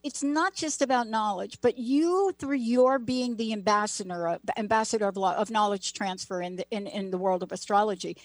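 A woman's voice: medium pitch, moderate pace, few pauses, no room sound. A woman hosting an interview, speaking in an earnest, emphatic and encouraging way. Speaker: interview host.

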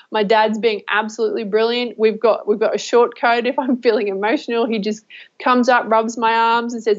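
Halting, emotional woman vlogger. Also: on the high side, steady tone. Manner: emotional, halting, many fillers and restarts. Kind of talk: heartfelt personal talk to camera. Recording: dull lo-fi recording.

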